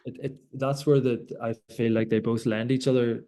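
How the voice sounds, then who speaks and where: Young doctor-athlete guest from Ireland, dark voice, flat reflective delivery. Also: male voice, medium pitch, moderate pace. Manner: reflective, many restarts and repeated words. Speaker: doctor and Olympic rower. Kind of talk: conversational interview.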